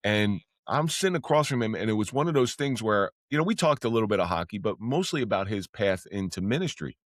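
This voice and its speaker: A former police officer talks as a podcast guest in a low voice with a dry, close sound and no room around it. He tells his stories plainly and candidly, with swearing, and his pitch leaps upward whenever he gets excited. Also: fast talker, no room sound. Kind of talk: casual storytelling.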